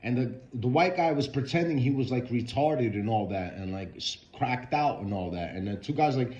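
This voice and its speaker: A man's voice: medium pitch, lively intonation, moderate pace, a little mellow. A man ranting to camera in a vlog, profane and emphatic, repeating his points. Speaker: vlogger. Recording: dull lo-fi sound.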